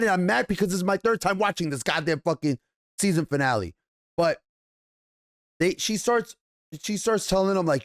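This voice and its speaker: With a slightly high voice and lively intonation, a young TV reviewer tears into an episode at normal speed, cursing nonstop. The more worked up he gets, the more he stammers and starts over. The sound is studio quality, with no room sound.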